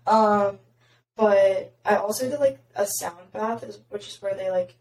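A young woman with a raspy voice, chatting casually as a podcast host and filling her talk with "like". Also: medium pitch, a little slow, a little mellow. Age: young adult. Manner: chatty, heavy filler "like". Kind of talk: casual chat. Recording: roomy, distant mic.

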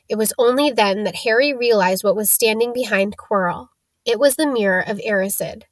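A woman narrating a story for an audiobook in a steady, clear manner. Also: mid-range voice, normal speed, dry recording. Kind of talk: scripted narration.

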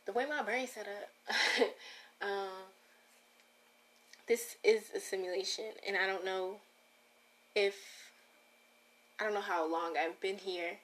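A woman's voice: medium pitch, steady tone, takes it slowly, pauses often, fairly bright tone. Woman rambling on her own podcast, keeps cutting herself off, chatty, talks right to the listeners. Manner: rambling, self-interrupting, talks straight to listeners. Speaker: podcast host. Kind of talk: casual solo podcast monologue.

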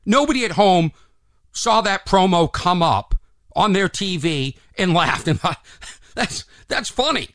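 A male comedian ranting at the camera in an exasperated, animated way, stumbling over his words and restarting sentences. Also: sits high, a little slow, dry recording, studio quality. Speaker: stand-up comedian hosting a rant segment.

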